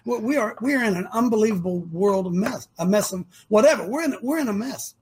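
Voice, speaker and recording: Husky high-voiced older man preaching. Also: animated, brisk, darkish tone. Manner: emphatic, fires rhetorical questions at listeners. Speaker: talk show host. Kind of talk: opinionated radio talk.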